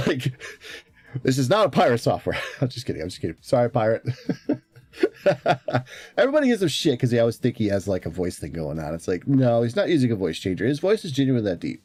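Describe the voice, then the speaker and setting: A man's voice: mid-range voice, huge pitch swings, fairly quick, darkish tone, soft background music. A man streaming in casual chat, rambling along with frequent fillers and restarts.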